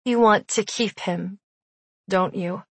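Woman reading as a gentle quiet girl who tends animals, talks slow and hushed, storybook voice. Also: mid-range voice, husky, no room sound, full character voice. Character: gentle soft-spoken young woman caretaker.

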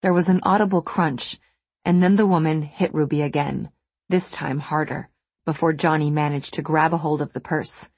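A woman reading a novel aloud in measured, steady scripted narration. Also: sits low, breathy edge, no echo. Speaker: audiobook narrator.

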